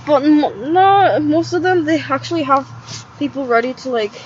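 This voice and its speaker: High-voiced young woman ranting. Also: moderate pace, a little mellow. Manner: rambling, agitated, frequent "like" fillers. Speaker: vlogger. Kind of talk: rambling casual monologue. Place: in a tent. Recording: slightly dull lo-fi audio with faint background noise.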